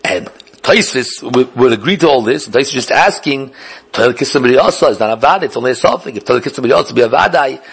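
A man delivers a Talmudic lecture in a husky, middle-pitched voice. He thinks out loud, stumbling over repeated words and restarting his sentences. He weaves Hebrew and Yiddish learning terms into his English. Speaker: Talmud teacher.

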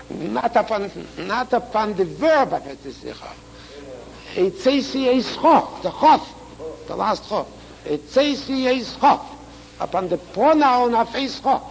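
High gravelly old-school teacher guy, rushes the hebrew then explains slow, faint hum behind. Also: a little mellow, low-quality recording. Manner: chants Hebrew quickly, then explains slowly with repetitions. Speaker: Torah teacher. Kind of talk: Talmudic lecture with text reading.

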